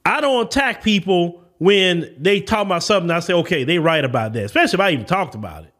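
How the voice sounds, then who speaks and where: A man's voice: high voice, lively intonation, fast, fairly bright tone. A man with a Southern US accent hosting an opinion podcast, talking in a preachy, emphatic, lecturing way. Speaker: podcast host.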